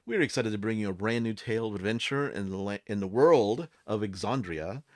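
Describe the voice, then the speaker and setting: A man's voice: lowish voice, brisk, no echo, studio quality. A man hosting as game master, leading a tabletop game with an upbeat, giggly manner.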